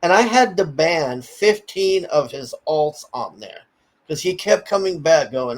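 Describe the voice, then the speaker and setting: A man's voice: on the high side, unhurried, low-quality recording. Heated, foul-mouthed man telling a story. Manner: heated, profane, blunt; animated storyteller, often stammers. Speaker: commentary streamer. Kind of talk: casual ranting story.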